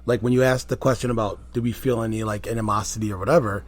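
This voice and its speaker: A man's voice: lowish voice, fairly even intonation, quick pace, dry recording. A man, a former wrestler, recounting his career in a casual interview, telling stories with many fillers and restarts. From Colombian and Puerto Rican family. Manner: storytelling, frequent fillers and restarts. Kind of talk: casual conversation.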